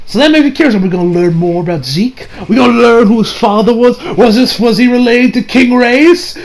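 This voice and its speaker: A man giving a casual anime episode review, excitable and swearing, recapping scenes with mock quotes. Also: sits high, brisk, low-quality recording.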